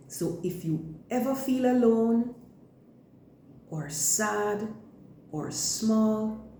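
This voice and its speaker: A woman leading a church school lesson for children, speaking slowly and deliberately in simple words. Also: on the high side, warm tone, roomy sound, a little hiss or hum.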